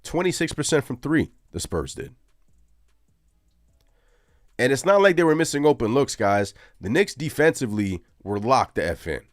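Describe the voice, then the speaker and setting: A man hosting a live postgame sports reaction show, animated and ranting as he talks to his viewers. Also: mid-range voice, moderate pace, long pauses, no room sound, clean studio sound. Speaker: sports podcast host.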